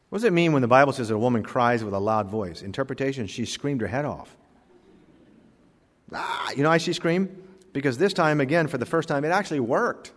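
Male preacher, mid-pitched, dramatic loud-and-soft sermon delivery, long hall reverb. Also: lively intonation, normal speed, pauses often. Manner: dramatic preaching, swinging between loud emphasis and quiet asides; reads scripture in King James wording. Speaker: pastor.

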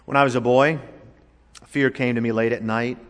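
A pastor from Florida preaching a sermon, with emphatic swings between loud declarations and hushed, drawn-out words. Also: male voice, medium pitch, steady tone. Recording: long hall reverb.

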